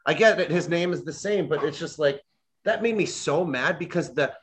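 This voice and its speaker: A man's voice: a little high, moderate pace, a little hiss or hum. A young man ranting animatedly in a casual chat, often mimicking voices when he quotes people.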